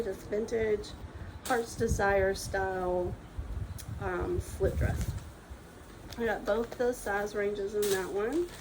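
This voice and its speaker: A woman talks through her sewing patterns in a relaxed, chatty vlog, full of ums and restarts. Her voice is mellow and slightly gravelly. A faint hiss of ambient noise sits under her speech. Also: medium pitch, low-quality recording. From Texas. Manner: chatty, enthusiastic, many ums and trailing restarts. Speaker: sewing vlogger. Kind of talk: casual show-and-tell chat.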